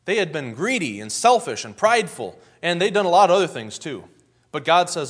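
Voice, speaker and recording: Folksy male preacher, fairly high voice. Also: very animated, brisk, a bit bright, husky. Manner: folksy storytelling, acts out scenes. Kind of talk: sermon.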